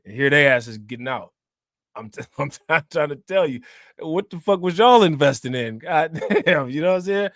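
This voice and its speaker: A man chats on a livestream, slangy and joking, laughing often. His voice sits a bit high. The sound is dry and close, with no room around it. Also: animated, moderate pace, a bit bright, no echo. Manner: joking, laughing, slangy, repeats "you know what I'm saying". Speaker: crypto livestream host. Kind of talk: casual livestream chat.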